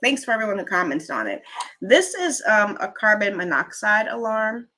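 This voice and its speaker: A woman hosting a casual live stream from home, chatting straight to her viewers in an animated way. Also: mid-range voice, normal speed, a little hiss or hum. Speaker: channel host.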